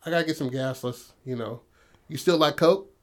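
A man voicing a middle-aged estranged cop father who is loud, chummy and bossy. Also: on the high side, fairly quick, close to an everyday voice.

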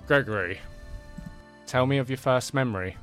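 A man's voice: mid-range voice, moderate pace, fairly bright tone, soft background music. A man narrating a tabletop game as game master, describing scenes in a loose, rambling way with many fillers.

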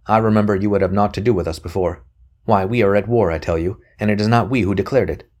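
A man reading aloud, voicing an excitable young male conspirator who snaps and sneers bitterly. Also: lowish voice, fast talker, natural voice. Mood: scornful. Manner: snapping, bitter, boastful.

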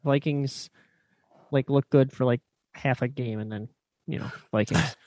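A man's voice: medium pitch, measured pace, darkish tone, no echo. A man chatting casually as co-host on a sports podcast, offhand and rambling.

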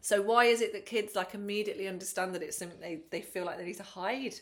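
A woman, co-hosting a casual podcast chat, animated and swearing freely. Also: mid-range voice, fast. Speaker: podcast co-host.

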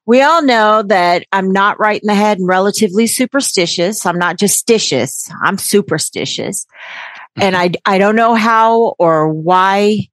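A woman's voice: medium pitch, unhurried, no echo. Brash, swearing woman podcast host. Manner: brash, jokey, swears freely with sarcastic asides. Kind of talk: casual podcast chat.

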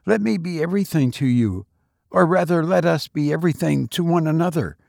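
A man's voice: fairly quick, vocal fry, darkish tone, no room sound, studio quality. A man voicing an idealistic young male student who speaks earnestly and urgently. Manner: earnest, high-pitched pleading.

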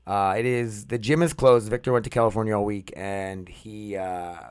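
A man's voice: on the low side, normal speed, clean tone. A man hosting his own podcast, talking alone in a rambling, loose way with lots of swearing. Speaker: podcast host. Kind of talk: casual solo podcast monologue. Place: outdoors walking dogs.

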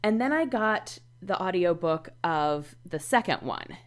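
A woman's voice: on the low side, lively intonation, unhurried. A woman chatting casually about books, rambling with lots of fillers.

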